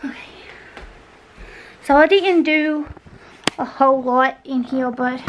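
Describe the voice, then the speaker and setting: A woman's voice: high-pitched, takes it slowly, distant mic, a little hiss or hum, rough recording. A woman chatting to her viewers while cleaning, out of breath, rambling and encouraging. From Kentucky. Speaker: cleaning vlogger. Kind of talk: casual chat to camera.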